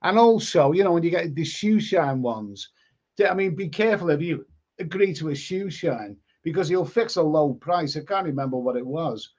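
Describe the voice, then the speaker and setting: A man's voice: a little high, animated, moderate pace, a little mellow. A man hosting a live stream, chatting casually and reading out viewer comments, often stumbling and repeating words. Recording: lo-fi stream audio.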